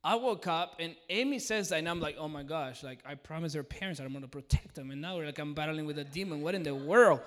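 A man leading a mission team, telling an animated testimony full of quoted dialogue. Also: on the high side, fast, few pauses, in a large hall. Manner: excited, retells with quoted dialogue.

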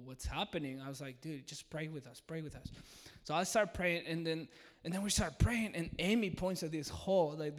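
A man telling an excited testimony, acting out what he and others said, and his voice sits fairly high for a man. His voice rings with the long reverb of a large hall. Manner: excited, retells with quoted dialogue. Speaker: mission team leader. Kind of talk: animated testimony.

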